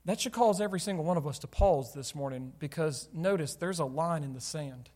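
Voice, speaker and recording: A man's voice: a little high, fairly quick, darkish tone. A man preaching a sermon to his church, talking conversationally and asking the congregation rhetorical questions. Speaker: pastor. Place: church sanctuary. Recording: long hall reverb.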